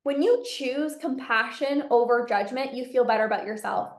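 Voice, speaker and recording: A woman's voice: a little high, normal speed, roomy sound. A woman coaching on binge eating in a casual, earnest way, often adding "like" and "right?" as she talks. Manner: earnest, conversational, many "like" and "right?" fillers. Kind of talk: casual direct-to-camera advice.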